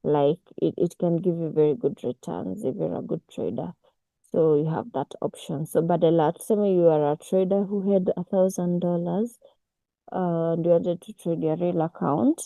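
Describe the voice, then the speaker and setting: Low, gravelly-voiced woman teaching. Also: mellow, no room sound, low-quality recording. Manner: unhurried, with many restarts and fillers. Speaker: forex mentor. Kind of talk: casual online class. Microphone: video call.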